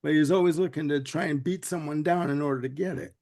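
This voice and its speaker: A man hosting a loose podcast conversation, retelling a cartoon in a rambling way full of "you know"s. His voice is on the higher side with a steady gravelly fry. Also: fast talker. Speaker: podcast host. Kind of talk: casual chat.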